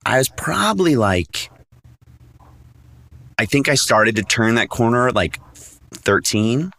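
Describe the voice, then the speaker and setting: A young man, an actor guest on a podcast, telling stories in a casual, animated way, full of fillers and acting out the people he quotes. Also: mid-range voice, takes it slowly, vocal fry. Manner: animated storyteller, acts out quoted voices, many fillers.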